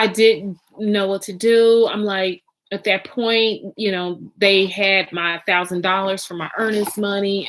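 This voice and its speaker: A woman's voice: mid-range voice, a bit bright. Rambling, swearing woman vlogger. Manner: rambling, restarts and repeats herself; swears freely, flares up in agitation. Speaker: vlogger telling her own story. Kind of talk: candid confessional vlog.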